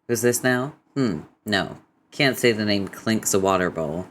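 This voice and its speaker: A man's voice: lowish voice, lively intonation, unhurried, a bit bright, slight background noise. A man voicing a sly, catlike young woman in a webcomic read-aloud, arch and mock-grand. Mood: teasing.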